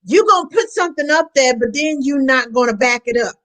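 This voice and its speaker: A woman's voice: high-pitched, fairly quick, rough recording. A woman co-hosting a casual chat, telling stories animatedly and acting out what other people said. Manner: animated storytelling, acts out quoted voices. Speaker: co-host.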